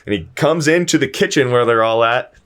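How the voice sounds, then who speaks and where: A man's voice: medium pitch, fairly quick, fairly bright tone, clear, resonant tone. A man casually retelling a film plot as a podcast host, acting out the characters' lines and swearing freely. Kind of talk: casual spoiler chat.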